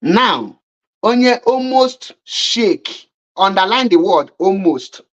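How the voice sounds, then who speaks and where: A woman with a Nigerian accent delivers commentary in a scornful, repetitive way. Her voice sits at an ordinary middle pitch. The audio is slightly dull and lo-fi. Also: lively intonation, slow pace. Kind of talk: mocking online commentary.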